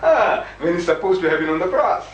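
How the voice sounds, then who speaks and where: A man makes his case in a debate with emphatic, argumentative force, slipping into little performances of the people he quotes. His voice sits a bit high, and he is heard from a distance in an echoey room. A faint hiss runs underneath the whole old recording. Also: big pitch swings, fairly quick, muffled recording. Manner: emphatic, argumentative, acts out voices when quoting. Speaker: religious debater. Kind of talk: lively debate with dramatized quotes. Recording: echoey room, far from the mic, faint noise.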